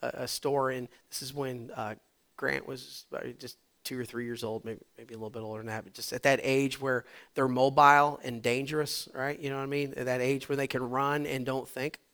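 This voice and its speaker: A middle-aged male pastor preaching a sermon, dropping to hushed whispers and rising to loud shouts. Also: medium pitch, little pitch movement, brisk.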